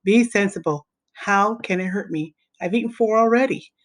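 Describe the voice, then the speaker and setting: A woman's voice: mid-range voice, normal speed, close to an everyday voice. A woman voicing a stubborn boy who talks himself into being brave. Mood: determined. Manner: earnest, self-persuading.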